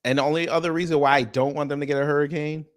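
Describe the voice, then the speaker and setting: A man hosting a casual commentary show, swearing freely and mocking with animated energy. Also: a little high, racing. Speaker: host.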